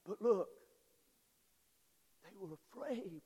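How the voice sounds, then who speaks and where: A male pastor preaching a sermon with call-and-response, swinging between shouts and low murmurs. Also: unhurried, pauses often, husky. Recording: long reverb of a large hall.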